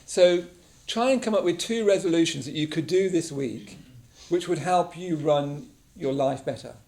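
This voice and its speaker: A man's voice: fairly high pitch, normal speed, warm tone. A man teaching a mindfulness class in a casual, conversational way, often checking in with the group. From England. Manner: conversational, checks in with frequent "yeah?". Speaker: meditation teacher. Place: meditation class room.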